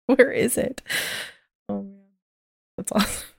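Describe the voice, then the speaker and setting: A woman hosting a podcast, reacting to her guests' stories with quick, giggly comments. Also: fairly high pitch, vocal fry, breathy edge. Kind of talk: casual chat.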